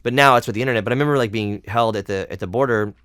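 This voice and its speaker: A man hosting a podcast, chatting casually and telling rambling, animated stories. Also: fairly low pitch, rapid-fire, smooth, no echo, studio quality. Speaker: podcast host. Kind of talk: casual interview chat.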